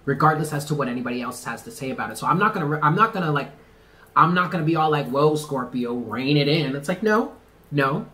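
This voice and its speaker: A man giving a casual tarot reading to the camera, talking in an animated, slangy way with swearing and laughs. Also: a little high, fast. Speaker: tarot reader.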